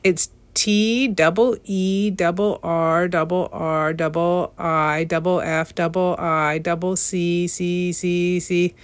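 A woman's voice: fairly high pitch, steady tone, unhurried, hardly any pauses, a bit bright, smooth, no echo, voice pushed up. A woman doing a stammering, word-repeating gander. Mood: fussy. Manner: repeats words, stumbles over long words. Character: fussy stammering male gander who repeats everything. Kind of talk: storybook reading.

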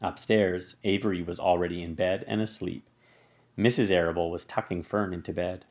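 A man reading a children's story aloud as its narrator, in a steady, even storytelling manner. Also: low voice, moderate pace. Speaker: audiobook narrator.

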